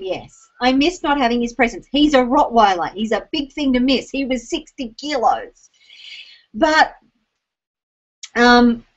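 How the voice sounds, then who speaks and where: An Australian woman with a slightly high voice tells a personal story, teary and halting, full of ums and restarts. The sound is dull and lo-fi, like a home recording. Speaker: speaker addressing an online audience. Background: rain.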